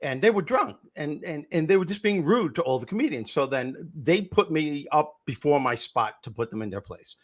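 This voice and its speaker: An older man, a comedian and former teacher, telling animated stories in a podcast interview and acting out the voices he quotes. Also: on the high side, normal speed, hardly any pauses.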